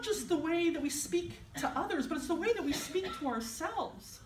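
A woman's voice: very high-pitched, animated, normal speed, distant mic, noisy background. Woman minister preaching in an echoey church. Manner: conversational, storytelling, self-deprecating. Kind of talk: sermon. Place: church sanctuary.

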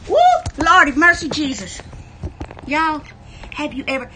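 A woman with a high, bright, pushed voice hosts a live online sale at an unhurried pace, with slight background noise. She chats in a folksy way and greets viewers by name, filmed on a camera set on a wobbly tripod.

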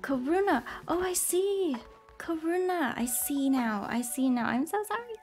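High-voiced bubbly woman streamer over music. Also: expressive, moderate pace, darkish tone. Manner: bubbly, apologetic, greets chatters by name. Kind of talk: casual live-stream chat while gaming. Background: game music.

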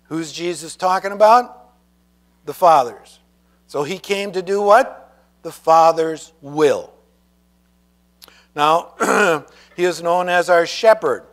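Male pastor, sermon delivery, unhurried reading with a high voice and questions to the room. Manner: reads scripture slowly, asks congregation questions.

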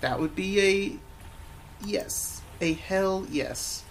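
A man voicing a lazy, corrupt London policeman who talks in loud, scornful slang. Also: high-pitched, very slow, a little hiss or hum. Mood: brash.

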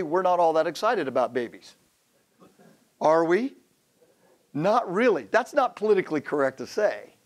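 Man, pastor, 50s, high voice, humorous sermon, acts out quotes. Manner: humorous storytelling with acted quotes. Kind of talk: sermon to men.

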